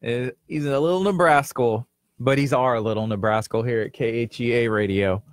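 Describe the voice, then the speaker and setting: A man's voice: medium pitch, moderate pace, no echo. Chatty joking male radio co-host. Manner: joking, teasing, chatty with laughs. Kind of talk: casual radio banter. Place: radio studio. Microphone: studio microphone.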